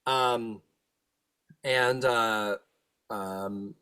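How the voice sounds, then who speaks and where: A man narrating as game master, animated and laughing, often jumping into silly voices. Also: fairly low pitch, drawn-out words, clean tone.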